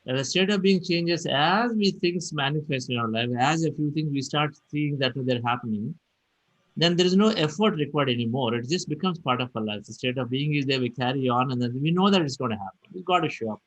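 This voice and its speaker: Man, meditation teacher on a video call, mid-pitched voice, calm and reassuring. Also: fairly quick, poor audio. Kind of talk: guiding a group video call.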